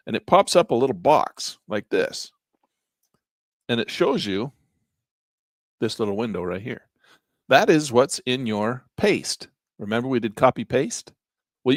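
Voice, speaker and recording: A man's voice: on the low side, no room sound, studio quality. A man casually talking viewers through a live trading lesson, thinking aloud as he clicks through charts and chatting to his viewers. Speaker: trading instructor.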